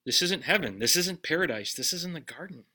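A man preaching a sermon in a conversational way, putting direct questions to his listeners and dropping his voice low on key lines. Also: animated, a little fast, bright, forceful tone. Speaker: pastor.

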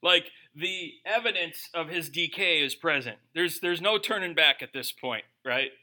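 Man, pastor, sermon, joking rhetorical questions, very bright tone, high pitch. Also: moderate pace. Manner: humorous, animated preaching with rhetorical questions.

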